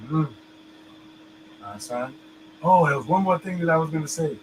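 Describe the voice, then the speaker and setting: A man's voice: fairly high pitch, expressive, moderate pace, slight background noise, rough recording. A man hosting and teaching casually, rambling and checking in with "you understand me?". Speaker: host teaching Hebrew letters.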